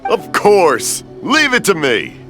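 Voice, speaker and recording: A man's voice: sits high, wildly swooping pitch, takes it slowly, soft background music, heavily acted. A man voicing a cheerful, hard-of-hearing older father in a video game dub, rambling and often mishearing. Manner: rambling, mishears, laughs warmly.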